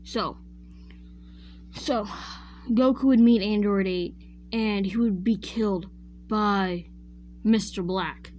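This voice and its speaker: A woman's voice: mid-range voice, slow pace, long pauses, a little mellow, slight background noise. Rambling woman telling a fan story. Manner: rambling, often correcting herself mid-sentence; chatty, addresses viewers directly. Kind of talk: casual retelling of a fan-made what-if story.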